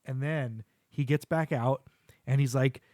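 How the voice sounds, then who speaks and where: A middle-aged man hosting a podcast, chatting casually with his son and retelling cartoon scenes with quick quoted voices. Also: mid-range voice, steady tone, a little mellow, dry recording, studio quality. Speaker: podcast host.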